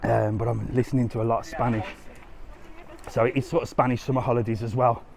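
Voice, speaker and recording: A man's voice: mid-range voice, little pitch movement, fast talker, creaky, a little mellow, a little hiss or hum. A man chatting casually to viewers as he walks a resort strip on a live stream, a little out of breath. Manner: chatty, casual, talks to viewers while walking. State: slightly out of breath from walking. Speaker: travel vlogger. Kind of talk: live walking tour commentary. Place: outdoors on a busy resort street.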